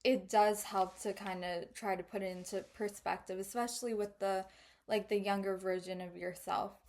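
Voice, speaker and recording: A woman's voice: mid-range voice, fairly even intonation, moderate pace, darkish tone. A young woman co-hosting a casual podcast chat, reflective and a little hesitant, with lots of fillers. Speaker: podcast co-host.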